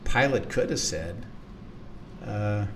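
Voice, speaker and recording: A man's voice: lowish voice, animated, takes it slowly, distant mic, a little hiss or hum. A man teaching the Bible in conversation, earnest, acting out quoted lines and often repeating words.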